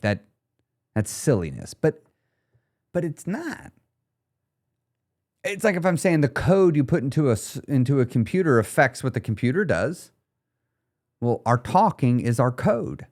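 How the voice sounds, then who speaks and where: A man's voice: fairly high pitch, normal speed. A man hosting his own podcast, coaching listeners directly in a casual, blunt, slangy solo monologue. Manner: animated coaching, talks straight to the listener; laid-back, slangy and blunt. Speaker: weight loss podcast host.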